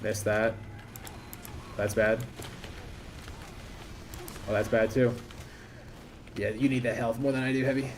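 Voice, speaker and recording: A man's voice: mid-range voice, steady tone, slow pace, pauses often, a little hiss or hum. A man commentating casually while streaming a shooter game, rambling and joking at his own play. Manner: rambling, self-deprecating, talks over the action. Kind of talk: live gameplay commentary.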